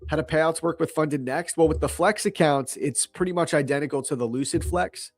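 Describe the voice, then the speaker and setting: A man's voice: fairly high pitch, fairly quick, no room sound, soft background music. A young man from New York hosting a casual livestream, laid-back and slangy, joking and reading chat aloud. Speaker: livestream trading host.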